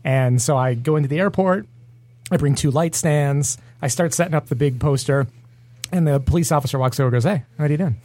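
A man telling a lively story in casual chat, acting out the voices in it. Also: fairly high pitch, fairly quick, no room sound. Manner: animated storyteller, acts out dialogue.

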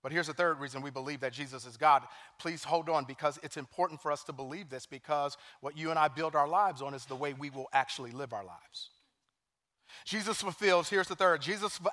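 A man preaching a sermon as pastor, animated, swinging from hushed scripture quotes to loud emphasis. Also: high voice. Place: church sanctuary.

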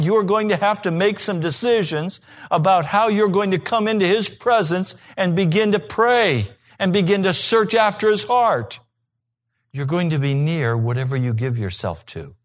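A male pastor preaching a sermon, earnest, with slow, emphatic repetitions. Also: a little high.

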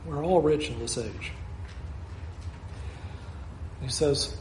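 A man's voice: a little high, normal speed, few pauses, a little mellow, roomy sound, slight background noise. A man preaching a sermon as pastor, earnest and repetitive, asking his listeners question after question.

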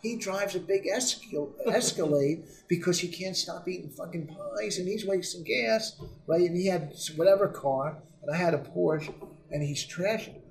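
A middle-aged man telling stories in casual talk, profane and animated. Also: sits high, normal speed, creaky, echoey room, distant mic, low-quality recording. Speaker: comedian guest. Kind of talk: casual storytelling.

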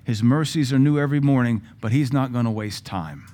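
A pastor preaching a sermon with a Southern American accent, blunt and sarcastic, acting out quotes. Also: male voice, medium pitch, a little fast, dark tone.

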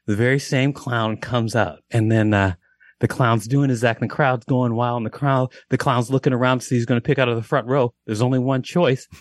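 A man's voice: mid-range voice, steady tone, fairly quick, no room sound. Comedian guest, male, dry close sound, loose rambling joke-teller. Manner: rambling, restarts, keeps checking in with "okay?". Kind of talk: casual joke storytelling.

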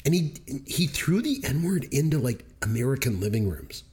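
Man, podcast co-host, casual chat, emphatic storytelling, mid pitch. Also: sing-song, normal speed, darkish tone.

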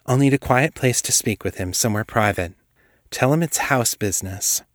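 A man's voice: medium pitch, lively intonation, normal speed, no room sound, natural voice. A firm, purposeful woman investigator presses politely for answers, as a male narrator puts her on. The voice is raised above his own, the delivery controlled and direct. The recording is dry and close.

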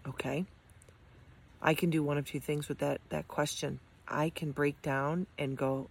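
Her voice is low, gravelly, darkish, and slightly rough, delivered flatly at a measured pace. Sharing her experience as an amputee, this middle-aged woman offers an earnest, encouraging motivational talk from the heart, often saying um and starting over.

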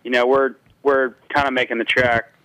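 A laid-back man from Florida talks about racing in easygoing slang. His voice sits in a middle pitch, and the sound is dry and close. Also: little pitch movement, moderate pace, sharp tone, no echo, poor audio. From Florida, USA. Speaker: guest racer. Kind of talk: casual interview chat.

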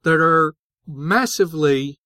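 A man's voice: on the high side, slow, pushed and bright, dry recording. A man co-hosting a podcast, explaining linguistics in a casual, hesitant way with many fillers and restarts. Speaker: podcast co-host.

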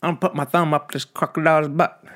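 A man voicing a jokey Australian bloke with a deliberately bad, exaggerated put-on Australian accent. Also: fairly high pitch, flat delivery, voice pushed up, close to an everyday voice. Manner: hammy, loud, deliberately bad impression.

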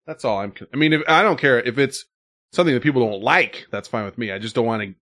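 A man's voice: medium pitch, quick pace, sharp tone, no echo, clean studio sound. A man hosting a show, chatting casually and joking loosely, with the odd swear. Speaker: show host. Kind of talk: casual radio-show banter.

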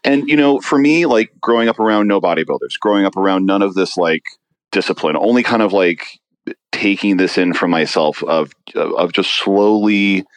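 A man speaking as a guest in a casual interview chat, halting with many restarts and fillers. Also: low voice, no echo. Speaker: guest bodybuilder.

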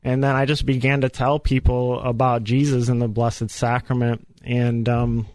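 A man giving an earnest, animated personal faith testimony as a guest on a radio show. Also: mid-range voice, normal speed, dry recording. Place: radio studio.

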